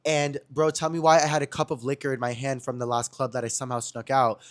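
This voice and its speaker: A man's voice: medium pitch, little pitch movement, fast. A young man hosting a podcast who tells gossip stories in a chatty, slangy way and keeps addressing his viewers directly. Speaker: podcast host. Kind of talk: casual gossip storytelling.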